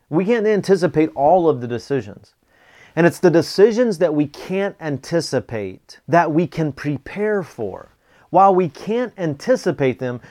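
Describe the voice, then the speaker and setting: A man's voice: medium pitch, a little mellow. Earnest middle-aged man telling stories. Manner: earnest, repeats key phrases, occasional chuckles. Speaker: speaker teaching a planning method. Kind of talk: motivational talk with personal stories.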